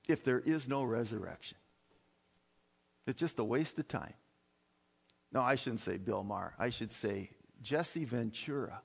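A man's voice: medium pitch, vocal fry, slightly rough, long reverb tail. A man preaching a sermon in an emphatic style, full of fillers and restarts, in a church. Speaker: pastor.

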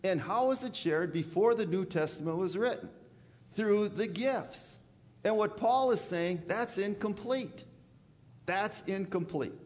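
A man's voice: sits high, a little slow. A man preaching a sermon in a folksy, stammering way, often checking whether the congregation is with him. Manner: folksy, repeats "you with me on that?"; stammering restarts, animated delivery. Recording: long reverb of a large hall.

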